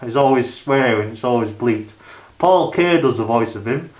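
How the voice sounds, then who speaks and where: A man's voice: medium pitch, lively intonation, normal speed, a little hiss or hum. Rambling man, echoey room. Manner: rambling, full of "you know" and "like" fillers. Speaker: DVD collection reviewer. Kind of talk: casual review vlog.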